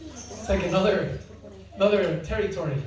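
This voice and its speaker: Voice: medium pitch, moderate pace, darkish tone. A devotional speaker giving an informal spiritual talk, joking and quizzing the audience with frequent laughter. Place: large hall with audience. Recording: very echoey hall, mic far off, audience.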